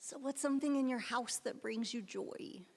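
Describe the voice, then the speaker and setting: Encouraging female children's leader, slightly high voice, reverberant sanctuary. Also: normal speed, vocal fry. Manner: warm, encouraging questions to kids. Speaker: children's religious education director. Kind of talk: gentle chat with children. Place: church sanctuary. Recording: long hall reverb.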